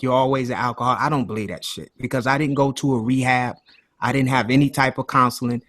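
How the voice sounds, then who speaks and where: A man's voice: mid-range voice, a bit bright. A man hosting a casual call-in talk show, speaking emotionally and swearing freely. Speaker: host.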